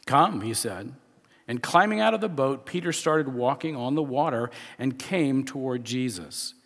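A man's voice: mid-range voice, animated, measured pace, fairly bright tone, in a large hall. A man preaching a sermon in a conversational way, often restarting and chuckling as he explains scripture. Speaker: pastor.

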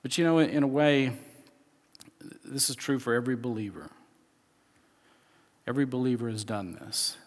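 A man's voice: mid-range voice, moderate pace, long pauses, long reverb tail. A man preaching a sermon in a conversational way, often restarting and chuckling as he explains scripture. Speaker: pastor.

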